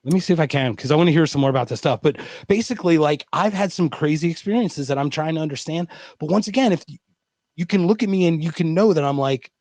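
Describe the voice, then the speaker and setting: A man from Philadelphia, a guest telling a story over a video call in a rambling, animated way. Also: on the high side, fast, no room sound. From East Coast of the United States, Philadelphia. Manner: animated, rambling, full of "like" and asides.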